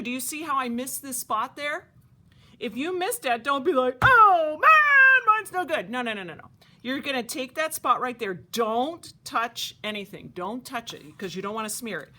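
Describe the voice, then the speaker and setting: A woman teaching a craft to children at a camp, talking in a playful, animated, chatty way. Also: medium pitch.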